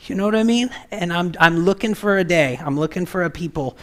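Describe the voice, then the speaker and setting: A man giving a relaxed, chatty sermon, his voice sitting a little higher than most men's. He talks to the room like a friend and acts out quick voices for the people in his stories. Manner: conversational, animated, acts out voices in quotes. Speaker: pastor. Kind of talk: casual sermon.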